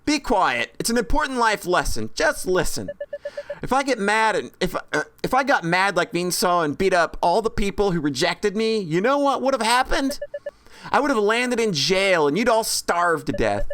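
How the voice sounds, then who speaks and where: A woman's voice: medium pitch, very animated, moderate pace, a bit bright, a little hiss or hum. A woman voicing a stern immigrant father in a game, lecturing his children in a matter-of-fact way. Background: game music.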